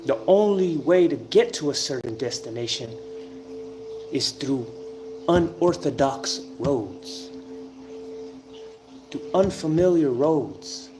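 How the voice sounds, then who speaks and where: A man giving an informal spiritual talk, telling a story emphatically, with drawn-out pauses and the odd curse word. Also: a little high, animated, over music. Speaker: self-styled spiritual teacher. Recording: noisy ambient background.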